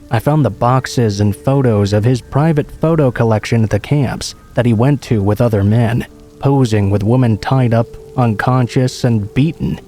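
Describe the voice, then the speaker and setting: A man calmly reading true horror stories aloud as a narrator, in an even storytelling manner. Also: medium pitch. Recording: rain sounds behind the voice. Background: steady rain.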